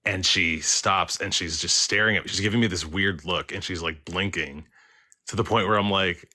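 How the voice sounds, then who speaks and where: Low bright-voiced man rambling through a story. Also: normal speed. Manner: rambling, heavy use of "like" and fillers. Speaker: caller. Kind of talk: casual storytelling on a livestream.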